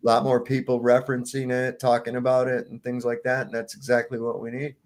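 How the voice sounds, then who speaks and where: A man's voice: medium pitch, monotone, brisk. A man co-hosting a casual podcast chat, rambling and swearing freely, laughing often.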